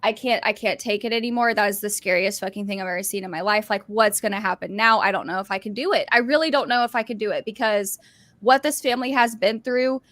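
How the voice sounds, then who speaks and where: A woman chatting excitedly on a podcast, gushing and filling her talk with "like". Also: mid-range voice, fast. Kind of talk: casual chat.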